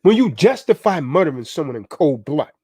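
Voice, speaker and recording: Man, livestream preacher; high, very lively delivery, dead-dry sound. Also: a little fast, husky, no echo. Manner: preachy, exhorting, repeats "man". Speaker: livestream host.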